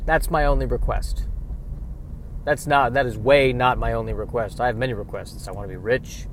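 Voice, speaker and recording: Male podcast host, mid-pitched, thinking aloud and questioning himself from behind the wheel. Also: normal speed, a little hiss or hum. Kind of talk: solo comedic musing podcast. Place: in a car while driving.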